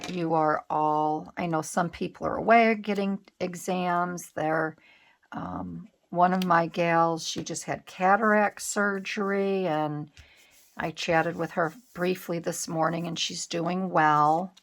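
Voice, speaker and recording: Middle-aged woman, slightly low voice, chatty craft vlogger who rambles and restarts. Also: steady tone, takes it slowly, vocal fry. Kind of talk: casual chat while crafting.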